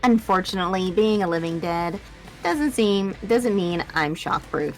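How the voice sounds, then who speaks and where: Woman reading a story script out loud, lowish voice, trips over words and fixes them. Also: expressive, measured pace, faint music behind. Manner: stumbling, self-correcting reading with laughing asides. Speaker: storyteller reading an audio drama. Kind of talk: reading a story script aloud in first person.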